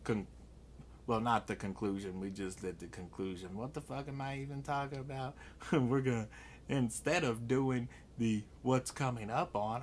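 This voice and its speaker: A man's voice: lowish voice, a little hiss or hum. A man in his forties, stoned, rambling and swearing through a casual home unboxing vlog with self-mocking humor. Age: 40s. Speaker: unboxing vlogger.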